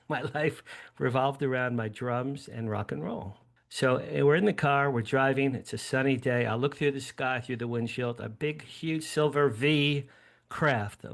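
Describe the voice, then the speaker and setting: Man in his 60s from New Jersey, gravelly, animated, digressive guest storyteller. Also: medium pitch. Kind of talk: personal storytelling in an interview.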